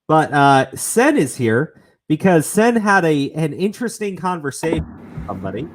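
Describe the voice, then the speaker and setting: Brief: male stream host, lively pitch swings, rambling, swears freely. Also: moderate pace, a little hiss or hum. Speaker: show host. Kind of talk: casual commentary stream.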